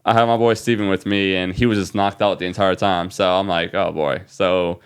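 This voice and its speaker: A man from New Orleans, a young adult, guest on a podcast, telling an excited story with many fillers. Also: low voice, fairly quick, smooth. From New Orleans, USA. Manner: animated, excited retelling with fillers. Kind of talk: casual storytelling.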